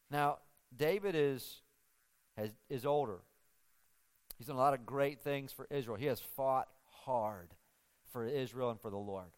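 A man's voice: mid-range voice, a little slow. A man preaching a sermon, retelling scripture in a casual, conversational way with frequent restarts.

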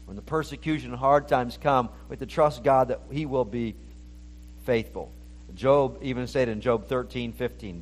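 A man's voice: medium pitch, normal speed. A man preaching a sermon, explaining scripture in an earnest way and often restarting his phrases. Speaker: pastor.

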